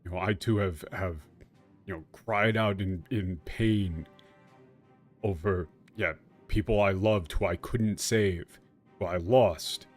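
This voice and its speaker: Slow, halting male game streamer. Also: low-pitched, faint music behind. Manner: halting, many restarts, casual swearing. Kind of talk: live gameplay commentary.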